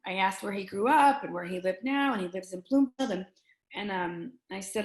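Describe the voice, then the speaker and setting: A middle-aged woman speaking earnestly and emotionally as an interview guest, often halting and restarting her sentences. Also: mid-range voice, roomy sound. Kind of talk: candid conversation.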